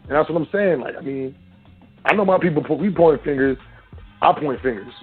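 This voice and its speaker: A man's voice: fairly high pitch, a little fast, slightly rough. A man hosting an internet radio show, talking casually and preachily straight to his listeners. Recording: tinny phone-line sound with faint music.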